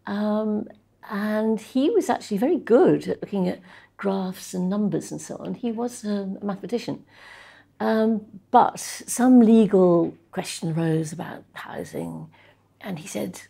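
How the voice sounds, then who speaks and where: An older woman in an interview, telling stories about her research career in a chatty, anecdotal way, with soft laughs and frequent pauses. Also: mid-range voice, sing-song, gravelly, breathy edge. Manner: anecdotal, chuckling, with frequent ums and restarts. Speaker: interviewee, social policy researcher. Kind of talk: reflective conversational interview.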